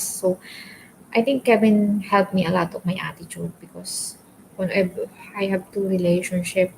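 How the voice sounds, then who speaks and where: A woman's voice: fairly low pitch, creaky, darkish tone, slight background noise, poor audio. A woman from the Philippines chatting casually with viewers during a live stream, speaking English as a second language and talking openly about her relationship. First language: Filipino language. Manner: talks openly, addresses viewers as guys.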